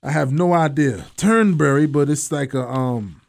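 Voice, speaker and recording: A man's voice: medium pitch, normal speed, gravelly, a little mellow. A man hosting a sports talk radio show, joking loosely and laughing often.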